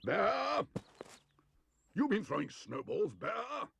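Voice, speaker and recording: A man voicing a fussy, bad-tempered older male neighbour who blusters and shouts in a storybook reading. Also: medium pitch, moderate pace, creaky, a little hiss or hum, close to an everyday voice. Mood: blustering.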